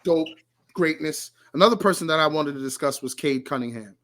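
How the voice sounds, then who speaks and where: High, bright-voiced excitable young man. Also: brisk, slight background noise. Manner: excitable, jumps to a high squeal for emphasis. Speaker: podcast host. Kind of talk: casual basketball podcast chat.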